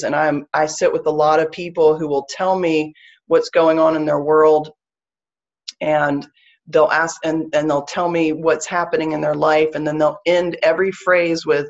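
A woman's voice: low voice, fairly even intonation, moderate pace, dull audio. A woman with a Southern US accent teaching a live online class on spiritual practice, earnest and explanatory, repeating her key phrases.

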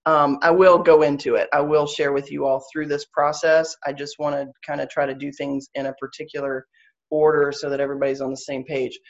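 A woman's voice: sits low, little pitch movement, fairly quick. Southern US woman teaching, slightly muffled. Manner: earnest, explanatory, repeats key phrases. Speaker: spiritual teacher. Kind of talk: live online class.

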